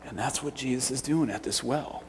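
Male youth pastor, sermon, hushed whispers to shouts, long echo of a church hall, faint hum. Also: mid-range voice, normal speed. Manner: swings from hushed near-whispers to loud shouting. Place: church sanctuary.

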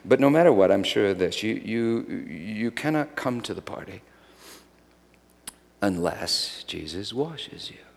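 A man preaching a sermon as a pastor, shifting from dramatic storytelling to soft, meditative guidance. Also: on the low side, expressive, unhurried, gravelly. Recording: long hall reverb.

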